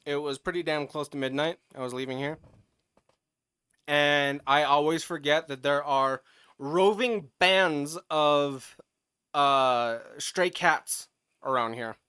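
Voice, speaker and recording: A man co-hosting a podcast, telling a story in casual chat, animated and profane, getting loud as he retells it. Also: a little high, slow, clean tone, no echo, clean studio sound. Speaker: podcast co-host.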